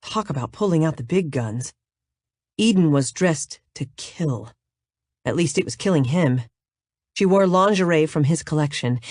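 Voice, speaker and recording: A woman narrating a romance audiobook in a steady, even way. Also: deep voice, no room sound, studio quality.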